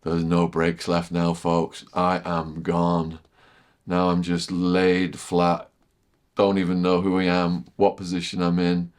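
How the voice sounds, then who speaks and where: Man, deep voice, podcast guest, vivid repetitive storytelling, hushed asides. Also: monotone, takes it slowly. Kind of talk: storytelling in casual chat.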